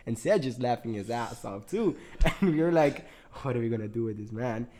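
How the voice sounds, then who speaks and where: A young man leads a casual chat among friends, recounting a night out. He talks at an everyday pitch, laughs through his sentences, and slips into other people's voices for quotes. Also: brisk. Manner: animated, laughing often, acts out quotes.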